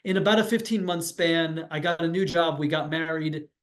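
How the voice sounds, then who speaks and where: A man's voice: fairly high pitch, moderate pace, fairly bright tone. A middle-aged man on a video call, telling his own story candidly and reflectively, often restarting his sentences. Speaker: pediatrician and webinar panelist. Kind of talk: personal account on a professional webinar.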